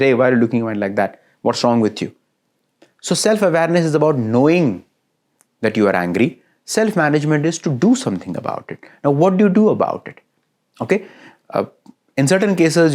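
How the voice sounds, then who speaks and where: A man giving a recorded lecture, talking in a lively way, stringing phrases into repeated lists and often checking in with short questions to his listeners. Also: mid-range voice.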